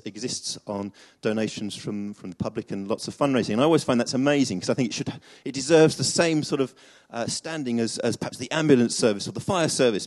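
A man's voice: medium pitch, darkish tone. A man preaching a chatty sermon to a congregation, with many fillers and restarts.

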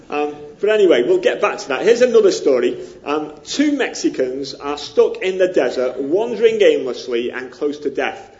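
Northern english guy from near liverpool preaching, chatty and self-deprecating, lots of ums, highish voice, muffled recording. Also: very animated, a little slow, darkish tone. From northern England. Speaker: pastor. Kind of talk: sermon.

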